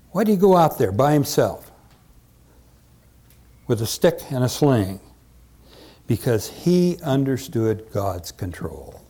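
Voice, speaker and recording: A man's voice: medium pitch, dark tone. A male pastor preaching a sermon, emphatic and full of rhetorical questions.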